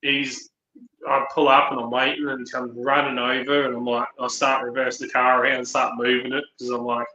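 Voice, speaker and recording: A man's voice: mid-range voice, completely flat delivery, fairly quick, bright, forceful tone, lo-fi sound. A man chatting casually on a podcast, rambling through stories with lots of ums and acting out the dialogue. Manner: rambling anecdotes, frequent ums, acts out dialogue. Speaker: podcast co-host. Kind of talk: casual chat, storytelling. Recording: roomy echo.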